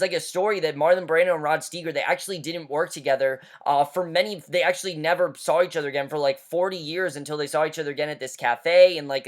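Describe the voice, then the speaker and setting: A man giving a casual, enthusiastic movie review, rambling along with frequent "you know" and "I mean.". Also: on the high side.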